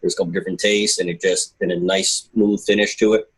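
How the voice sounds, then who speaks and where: A man's voice: sits low, flat delivery, fast talker, breathy edge, low-quality recording. A man co-hosting a casual drinks podcast, joking and self-deprecating, often restarting his sentences. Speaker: podcast co-host. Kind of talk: casual chat.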